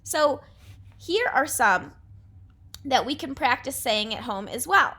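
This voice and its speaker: A young adult woman teacher giving a remote class lesson, speaking clearly and patiently with an encouraging delivery. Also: high-pitched, expressive, takes it slowly, bright, forceful tone.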